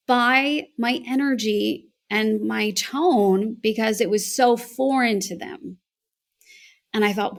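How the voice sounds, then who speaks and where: A woman's voice: on the high side, slow. A woman with an American accent, a voice and accent coach, telling a reflective story as an interview guest. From United States. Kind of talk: conversational interview answer.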